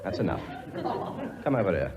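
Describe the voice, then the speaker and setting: A man's voice: low-pitched, sing-song, fairly quick, crowd noise. An actor playing a pompous, blustering king with a sarcastic, grumbling working-class manner in a 1950s radio comedy. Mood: exasperated. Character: blustering pompous male king, bossy and weary. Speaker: lead comic actor. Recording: dull old broadcast recording with audience laughter. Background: studio audience laughing.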